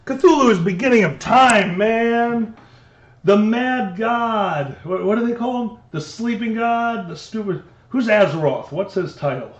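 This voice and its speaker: A man co-hosting a stream, bantering in a joking, excitable, profane way. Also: high-pitched, a little slow. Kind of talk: casual banter. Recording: echoey, dull-sounding room.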